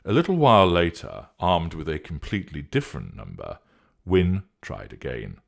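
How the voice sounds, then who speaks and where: A man narrating a story in a steady, measured reading voice. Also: deep voice, creaky.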